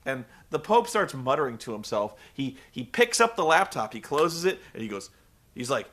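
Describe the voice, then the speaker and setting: A man with a mid-range voice recaps a show at a moderate pace, sarcastic and swearing as he animatedly acts out the people in it for comedic effect.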